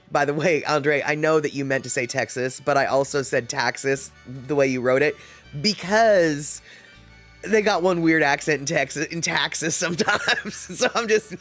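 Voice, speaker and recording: A man's voice: a little high, normal speed, fairly bright tone, soft background music. A man hosting a livestream, chatting casually, reading viewer comments aloud and laughing often. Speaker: livestream host.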